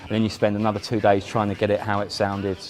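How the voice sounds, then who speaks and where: A man, a musician guest in a casual chat, telling animated stories with frequent restarts. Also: fairly low pitch, fast talker, soft background music. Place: indoor chat.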